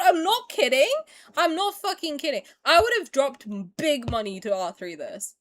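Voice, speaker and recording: A young woman streaming a casual reaction to a game trailer, excitable and loud and swearing freely, talking into a desk mic. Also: sits high, moderate pace. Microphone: desk mic while seated at a computer.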